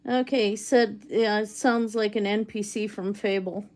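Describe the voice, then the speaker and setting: This is a woman hosting a relaxed live stream as she works on jewelry. She talks at an unhurried, easygoing pace and keeps a chatty back-and-forth going with her viewers. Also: medium pitch. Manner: easygoing, chatty, reads viewer comments aloud. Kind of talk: casual live-stream chat while crafting. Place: home cabin.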